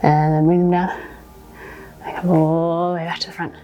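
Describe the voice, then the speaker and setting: A woman's voice: on the low side, flat delivery, normal speed, highs cut off, faint music behind. A woman coaching children through yoga poses while telling a story, encouraging and instructive.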